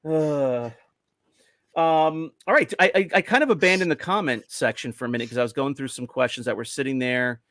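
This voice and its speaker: A man's voice: medium pitch, a bit bright, no echo. A man co-hosting a livestreamed toy-collecting podcast, chatting casually and restarting his sentences. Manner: chatty, halting with restarts and laughs. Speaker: podcast co-host.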